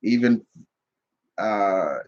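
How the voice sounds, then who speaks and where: A man's voice: fairly low pitch, extremely slow, a little mellow, dull audio. A man casually answering viewer questions on his channel, rambling with many restarts and fillers. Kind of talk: casual live Q&A chat.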